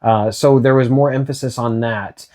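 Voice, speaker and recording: A man co-hosts a relaxed video game discussion in a mid-range voice. He steers the conversation and often trips over and restarts his sentences. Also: mid-range voice, moderate pace. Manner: leads the talk, hesitant restarts. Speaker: co-host.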